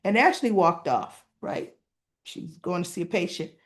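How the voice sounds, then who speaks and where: A woman's voice: lowish voice, sing-song, measured pace. A woman talking casually as she recaps a soap opera episode, with frequent asides asking the listener "right?".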